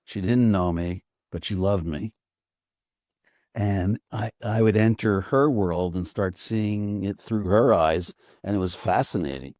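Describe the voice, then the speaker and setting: A man's voice: fairly low pitch, unhurried, darkish tone, no room sound, clean studio sound. An older man, an author guest, telling a story in an earnest, reflective way, with frequent restarts. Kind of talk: reflective conversation.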